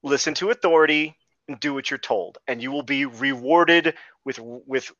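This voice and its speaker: A man's voice: medium pitch, normal speed, sharp tone, dry recording, muffled recording. A man co-hosting a casual podcast, wry and argumentative as he debates. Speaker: podcast co-host.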